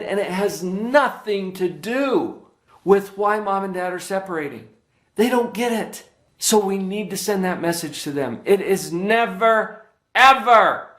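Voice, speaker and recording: A man's voice: sits high, reverberant. A man giving a parenting workshop as a child psychologist, speaking emphatically and often checking in with his listeners.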